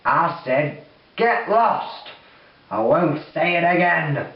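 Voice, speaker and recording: A man voicing a gloating male demon leader, taunting slowly and loudly. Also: lively intonation, distant mic. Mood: angry. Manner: slow sneering taunts, louder and higher. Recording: dull roomy recording from off-mic.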